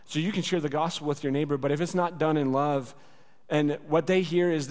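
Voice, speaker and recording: A man's voice: a little high, steady tone, fairly quick, few pauses, darkish tone. A man preaching a sermon as pastor, earnest and conversational, with lots of rhetorical repetition. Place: church sanctuary. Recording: long hall reverb.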